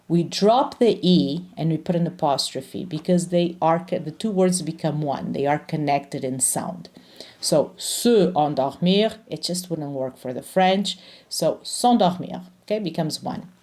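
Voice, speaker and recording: Low, mellow-voiced woman teaching French. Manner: patient, explains step by step, slows to pronounce French words. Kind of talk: grammar lesson.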